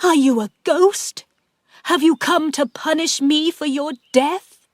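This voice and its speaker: A woman's voice: no echo, clean studio sound. A woman doing a frightened, pleading aunt. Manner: high, pleading, slow.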